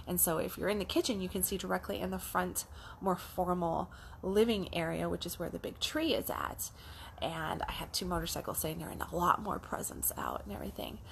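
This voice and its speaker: A middle-aged woman coach telling a casual, animated story, acting out the lines of her child and herself. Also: fairly low pitch, a little fast, creaky, slight background noise. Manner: animated, acts out a child's voice and her own in quotes. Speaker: life coach.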